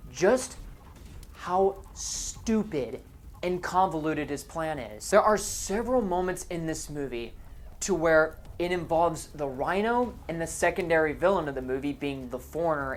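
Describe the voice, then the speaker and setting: A man's voice: on the high side, slight background noise. A man narrating a movie review voice-over in a sarcastic, exasperated way.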